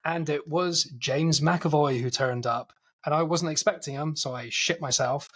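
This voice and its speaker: A man whose Scottish accent has worn thin is co-hosting a film podcast. He banters, teases and swears freely. His voice sits a touch high for a man. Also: moderate pace, a bit bright, slight background noise. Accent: faint Scottish. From Scotland. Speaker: podcast co-host. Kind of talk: casual chat.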